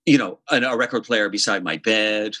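A man in his fifties, a session bassist guest telling animated, profane stories in a casual interview. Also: normal speed, no room sound, rough recording. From Ireland. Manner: animated, profane, hums bass lines.

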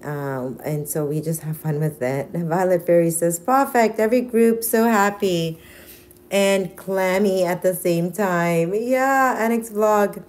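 A woman's voice: lowish voice, slow pace, darkish tone. A woman hosting a casual morning livestream from home with her dogs, talking in a hyper, playful put-on accent. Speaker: livestream host.

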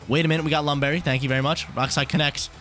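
A young man giving excitable live commentary on his own game, talking to himself and repeating phrases. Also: on the high side, very fast, faint music behind. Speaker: gaming YouTuber.

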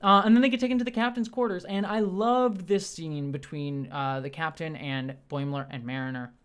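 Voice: medium pitch, steady tone, moderate pace, clean tone. A young adult host giving a casual solo episode review, gushing and restarting sentences often, with many fillers. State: briefly teary.

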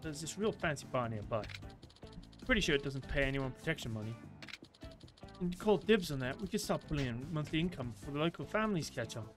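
A man doing a shrill eager yakuza wannabe. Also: animated, a little fast, over music, close to an everyday voice. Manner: high-pitched, loud, gushing pleading. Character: eager young male yakuza wannabe, pushy and excitable. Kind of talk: reading game dialogue aloud in voices.

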